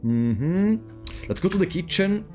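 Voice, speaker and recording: A man's voice: sits high, a little slow, faint music behind. A man streaming a puzzle game, thinking aloud and bantering with his chat. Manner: thinking aloud, chatting with viewers, animated swings. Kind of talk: casual let's-play commentary.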